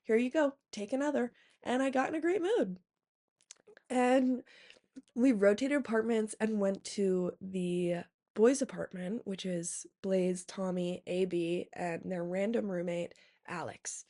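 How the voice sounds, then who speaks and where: A young woman talks straight to camera in a loose, rambling storytime, sprinkling "like" and "um" through every sentence. Her voice sits at an ordinary middle pitch with a noticeable gravelly fry under it, and she swears casually as she goes. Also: takes it slowly, warm tone. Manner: rambling, heavy use of "like" and "um", profane. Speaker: vlogger.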